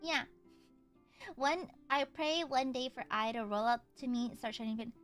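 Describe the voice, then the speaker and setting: Young American woman, high bright voice, chatty streamer who code-switches into Vietnamese. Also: moderate pace, faint music behind. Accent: American English. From United States. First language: Vietnamese heritage speaker. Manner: chatty, switches between English and Vietnamese, laughs often. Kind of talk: casual chat while painting miniatures.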